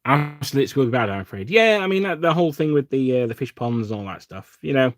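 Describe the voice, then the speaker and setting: Painting miniatures while he talks to his stream's viewers, a man from England rambles along, filling gaps with "um"s and poking fun at himself. He talks fast in a sing-song, mid-range voice, recorded dry with studio quality.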